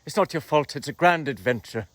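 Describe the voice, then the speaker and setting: A man doing an impression of a famous male comedian, speaking softly and reassuringly with repeated phrases. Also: fairly high pitch, lively intonation, no echo, pitched below the performer's own voice. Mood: soothing. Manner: soft, slow, reassuring repetition.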